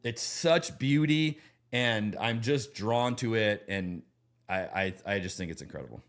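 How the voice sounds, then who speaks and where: A man in a podcast conversation, who talks with animated enthusiasm and builds his points as he tells stories. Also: lowish voice, a little slow. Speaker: pastor.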